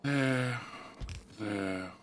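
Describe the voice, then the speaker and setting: A man's voice: medium pitch, very slow, a bit bright, slight background noise. A man streaming a game, muttering distracted and frustrated remarks to himself as he plays. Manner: mumbled, distracted self-talk with frustrated repetition. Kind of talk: muttering to himself while playing.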